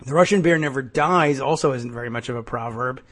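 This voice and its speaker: A man's voice: mid-range voice, fairly quick, fairly bright tone. A man hosting a podcast, musing wryly through political commentary with frequent hesitations and dry asides. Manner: wry, musing, sardonic with frequent "uh" and "I guess". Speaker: podcast host.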